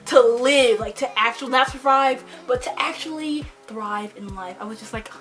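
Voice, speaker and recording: A woman's voice: fairly high pitch, moderate pace, a bit bright, faint music behind. A young woman rambling casually about a novel she loves, gushing and saying "like" constantly. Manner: rambling, gushing, heavy use of "like". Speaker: book vlogger. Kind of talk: casual book review chat.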